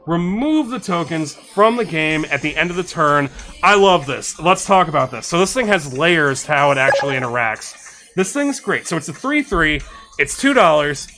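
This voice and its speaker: His voice is on the high side, sing-song and sharp-toned, with faint music playing behind him. This streamer chats casually into a desk microphone, enthusiastically reading out card suggestions quickly and thanking his followers.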